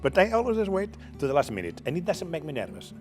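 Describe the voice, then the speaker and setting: An older man from Catalonia, a native Catalan speaker with a Catalan accent, answering interview questions in halting English, repeating words and ending thoughts with "okay?". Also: fairly high pitch, wildly swooping pitch, soft background music. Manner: halting, repeats words, frequent "okay?" tags, laughs often. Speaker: television producer, guest.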